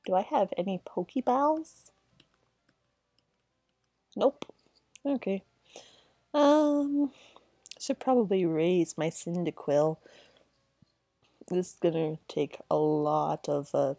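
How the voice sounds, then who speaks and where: A woman's voice: on the low side, slow pace, pauses often, mellow, no room sound. A tired woman giving rambling, giggly commentary while playing a video game. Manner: giggly, rambling, talks to herself. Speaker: let's play gamer. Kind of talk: casual gameplay commentary.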